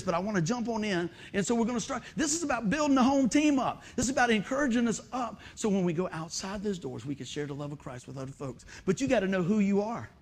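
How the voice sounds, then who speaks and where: A middle-aged man preaching a sermon, folksy and conversational, telling animated stories and joking with the congregation. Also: sits high. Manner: animated storytelling, acts out shouts and exclamations. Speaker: pastor.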